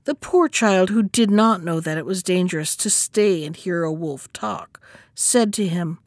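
Lady reading a fairy tale aloud, expressive, sounds dry and up close. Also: on the low side, unhurried, no room sound. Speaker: storyteller. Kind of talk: scripted storybook narration.

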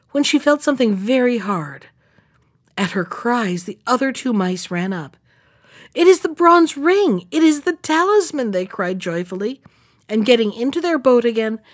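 A woman storyteller reads an old fairy tale aloud, her voice sitting a little high. She reads expressively, rising further whenever a character speaks. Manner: expressive, raises pitch for characters' lines.

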